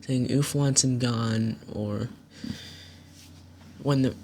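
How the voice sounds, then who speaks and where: A man at an ordinary pitch walks through a falling-out step by step, firm and accusatory. He reads back messages line by line and explains why each one matters. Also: fairly even intonation, very slow, warm tone, a little hiss or hum. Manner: methodical, reads chat messages aloud line by line. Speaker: channel host. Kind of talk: recounting a dispute to camera.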